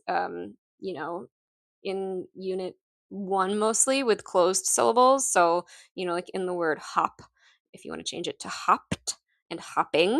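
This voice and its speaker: A woman's voice: medium pitch, fairly bright tone, no echo. A woman teacher explaining her lesson packets in a casual, hesitant way with frequent ums. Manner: hesitant, many ums and restarts, light laughs. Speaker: teacher presenting her materials. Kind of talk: casual instructional walkthrough.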